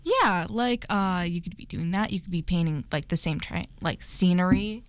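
A woman's voice: lowish voice, lively intonation, moderate pace, dry recording. A woman hosting a casual group chat, talking loosely with many fillers. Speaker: host.

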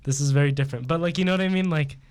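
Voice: mid-range voice, racing, a little mellow. A co-host in a casual group chat, talking animatedly and searching for words.

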